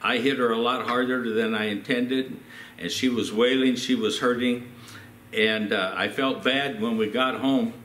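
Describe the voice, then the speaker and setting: A man's voice: medium pitch, steady tone, measured pace, fairly bright tone, roomy sound, a little hiss or hum. An older man, a pastor, telling personal stories in a sermon and acting out the quotes. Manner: storytelling with acted quotes. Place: church.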